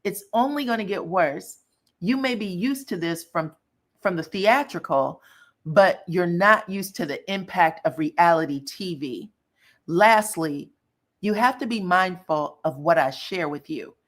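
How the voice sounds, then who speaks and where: A woman's voice: on the low side, lively intonation, a little slow. A woman hosting casual pop culture commentary, sassy and blunt, cussing freely as she reacts.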